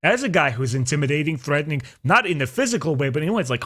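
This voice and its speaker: A man hosting a podcast, chatting casually and opinionatedly, his pitch jumping up for emphasis. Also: very fast. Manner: opinionated, animated, jumps into high pitch for emphasis. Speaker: podcast host. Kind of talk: casual chat.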